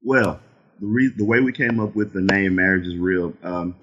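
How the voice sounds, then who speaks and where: A man's voice: sits low, moderate pace, fairly bright tone, dull audio. A man in his forties with a Southern Texas accent, a laid-back podcast guest. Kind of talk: casual interview chat.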